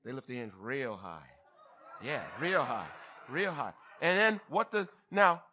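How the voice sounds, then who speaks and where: A bishop preaching a lively church sermon, who talks back and forth with the congregation. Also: male voice, medium pitch, measured pace, a little hiss or hum. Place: church service.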